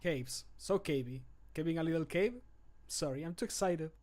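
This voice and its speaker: A man recording voice lines for a game character, an excitable young male adventurer companion, with eager, playful delivery into a studio microphone. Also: a little high, moderate pace, lightly acted.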